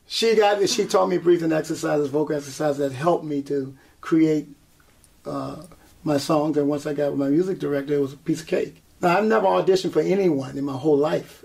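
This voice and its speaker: With a slightly high voice and vocal fry, a guest singer tells his story in an interview. He animates it by performing people's lines and laughing a great deal.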